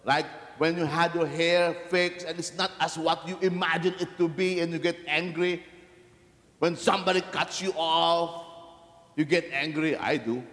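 A man, a Catholic priest, giving a lively, conversational sermon, putting many questions to the congregation. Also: a little high, normal speed. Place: large church. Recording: echoey church hall from a distance.

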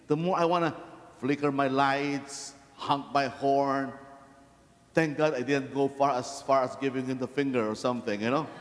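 A man, a Catholic priest, giving a lively, conversational sermon, putting many questions to the congregation. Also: sits high. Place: large church. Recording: echoey church hall from a distance.

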